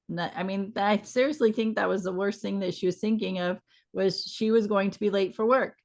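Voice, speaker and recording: A woman co-hosting a podcast, telling a story from work in a relaxed, conversational way with a gently reassuring manner. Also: mid-range voice, brisk. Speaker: podcast co-host.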